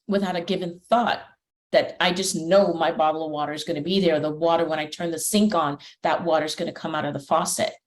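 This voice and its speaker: A woman hosting a podcast interview, talking in an effusive, emotional way with many restarts. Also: fairly low pitch. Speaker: podcast host. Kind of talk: casual interview chat.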